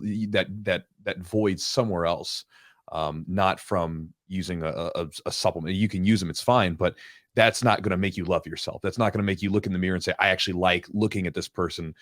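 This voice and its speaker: Man, very low voice, dry close sound, reflective podcast host, hesitant with fillers. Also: dry recording. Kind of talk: casual podcast interview.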